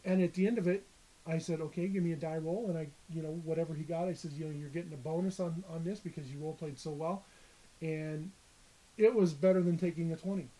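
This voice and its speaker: A man's voice: on the high side, steady tone, fast talker, mellow, low-quality recording. A man who is a dungeon master, chatting casually on a podcast and often restarting his sentences. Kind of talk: casual chat.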